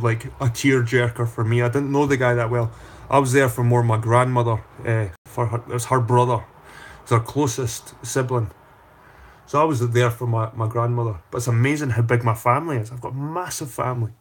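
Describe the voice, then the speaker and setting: A man's voice: medium pitch, a little hiss or hum. A man hosting a casual livestream, talking in a profane, rambling way and repeating his phrases. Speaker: channel host.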